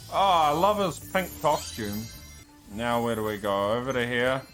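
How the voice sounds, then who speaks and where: Man, speedrunner narrating his own gameplay, slow easygoing delivery, flares up into swearing, faint game music behind. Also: medium pitch. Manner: frustrated, swears and shouts at enemies. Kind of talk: live gameplay commentary.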